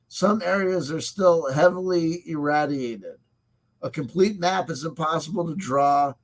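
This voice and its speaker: A man hosting a casual review of a tabletop game supplement. He reads passages aloud and breaks off into sarcastic, profane asides. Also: fairly high pitch.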